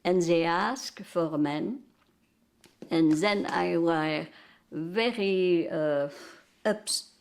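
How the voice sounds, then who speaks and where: Older Belgian French-accented woman, French native, slow unhurried delivery, halting, hunting for English words. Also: fairly low pitch, gravelly, a little mellow. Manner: halting, searches for English words, many restarts. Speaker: interviewee. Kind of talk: recounting wartime memories.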